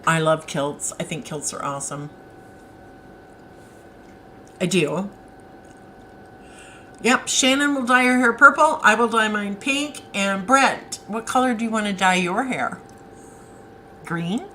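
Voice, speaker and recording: A woman's voice: mid-range voice, expressive, a little slow, long pauses, sharp tone, slight background noise, rough recording. A woman author hosting a casual live stream, chatting and answering viewer comments as they come in.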